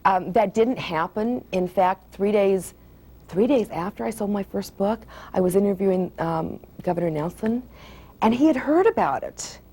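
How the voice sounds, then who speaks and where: A woman's voice: medium pitch, lively intonation, normal speed, warm tone, breathy edge. A woman author from the United States, reading from her novel and chatting about her writing with many fillers.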